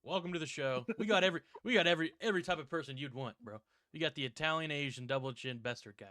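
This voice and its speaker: A man hosting a casual video game podcast, loud and laughing, hyped up between jokes. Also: a little high, very fast, no room sound, clean studio sound. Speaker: podcast host.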